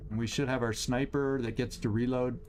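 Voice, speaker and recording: A man's voice: medium pitch, fairly even intonation, brisk, slight background noise. Man thinking aloud over a strategy game. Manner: thinks aloud, tallies enemies, cheers loudly at big shots. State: has the hiccups. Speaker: host. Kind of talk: gameplay commentary.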